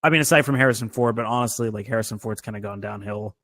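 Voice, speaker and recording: A man's voice: on the low side, fast talker, fairly bright tone. A man co-hosting a movie podcast in casual chat, rambling with lots of fillers and swearing freely. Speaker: podcast co-host.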